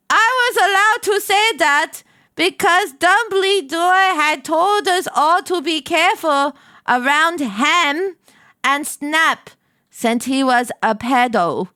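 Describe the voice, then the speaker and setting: A woman streamer reading fan fiction aloud in a deadpan comedic voice that keeps breaking into laughter. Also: high-pitched, takes it slowly, no echo, studio quality. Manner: reads deadpan, then breaks into shrieking laughter.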